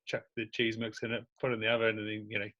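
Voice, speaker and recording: NZ podcast host, bright forceful male voice, relaxed, laughs a lot. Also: on the low side, racing, dull audio. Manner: laughs often, easygoing questions. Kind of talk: casual interview chat.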